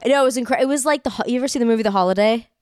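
A woman's voice: a little high, rapid-fire, darkish tone, clear, resonant tone, no echo, clean studio sound. A woman guest in casual chat, bubbly and gushing, laughing often.

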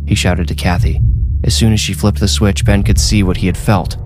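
A man narrating a horror story in a measured, deliberate scripted read. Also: fairly low pitch, steady tone, music in the background.

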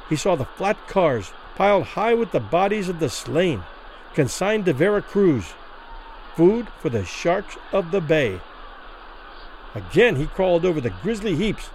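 A man narrating a classic short story as a vivid, expressive dramatic reading. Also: on the high side, slight background noise, rough recording.

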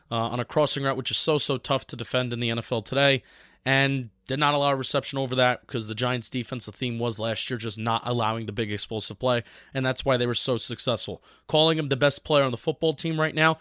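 A man co-hosting a sports podcast, giving steady, agreeable analysis in casual talk. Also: medium pitch, a little fast.

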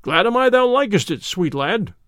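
A man's voice: high-pitched, big pitch swings, moderate pace, a bit bright, dry recording, clean studio sound. A man doing a sweet-voiced merry cook. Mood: coaxing. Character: sly merry household cook, man, fond of song.

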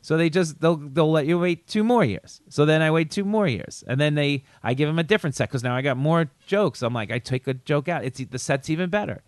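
Hombre comediante, voz nítida y seca. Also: male voice, brisk, few pauses, no room sound, clean studio sound. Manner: animated storyteller who acts out quotes in a raised pitch. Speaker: comedian, podcast co-host. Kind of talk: casual chat, storytelling.

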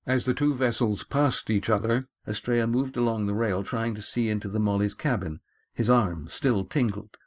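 A man reading his own adventure novel aloud in a measured, steady storytelling manner. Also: lowish voice. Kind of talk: audiobook narration.

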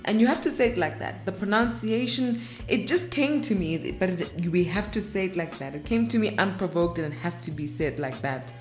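Upbeat chatty woman hosting a podcast. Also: fairly low pitch. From South Africa. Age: 30s. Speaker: podcast host. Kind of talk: casual podcast monologue.

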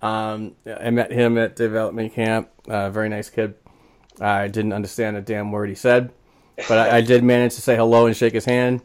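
A man's voice: on the low side, normal speed, clean tone. A man hosting a hockey podcast, telling stories in casual chat with lots of fillers. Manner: animated storyteller, frequent fillers. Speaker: podcast host.

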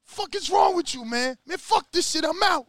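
A man voicing an angry, streetwise veteran male boxer who curses and shouts in street slang. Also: extremely high pitch, expressive, moderate pace, no echo, clean studio sound, pitched above the performer's own voice.

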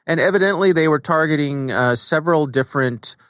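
A man's voice: a little high, fairly quick, no echo. Easygoing guy cohosting a podcast, lots of uhs, dry sound. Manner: relaxed, conversational, many fillers. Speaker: podcast co-host. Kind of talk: casual podcast chat.

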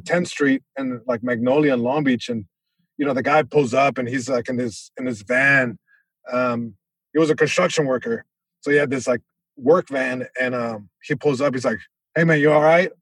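A young adult man, a comedian, telling a story in casual chat, animated and acting out other people in loud bursts. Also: mid-range voice, slightly rough, no echo. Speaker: comedian guest.

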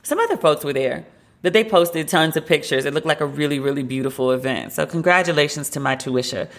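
A woman's voice: low-pitched, fast. A woman hosting a casual solo podcast from her home loft, chatty and gushing, with a lot of filler "like". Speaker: podcast host.

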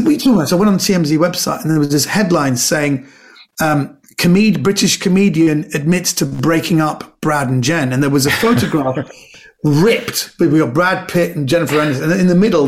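A man guesting on a podcast, telling animated anecdotes in casual chat and acting out the voices of the people in his stories. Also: fairly high pitch. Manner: animated storyteller, acts out quoted voices.

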